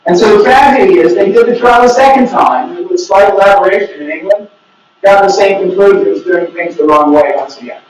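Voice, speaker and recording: A man's voice: high voice, a little fast. A man giving an academic conference talk, opinionated and wry, with joking asides. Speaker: researcher presenting. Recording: echoey room, mic from far off.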